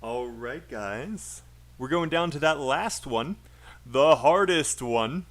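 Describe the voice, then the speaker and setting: A man with a British accent leads a livestreamed pronunciation lesson, chatty and encouraging. He says sentences out loud, breaks them into short pieces and repeats each one so learners can follow the stress and rhythm. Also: medium pitch, lively intonation. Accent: British English. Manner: drills phrases by repeating them slowly for learners. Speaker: English speaking teacher.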